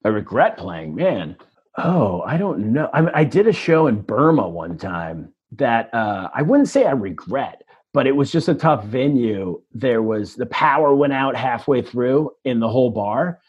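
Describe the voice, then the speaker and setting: A man's voice: medium pitch, sing-song, measured pace, slightly rough, highs cut off. A male stand-up comedian telling stories in a casual interview, self-deprecating and rambling with restarts.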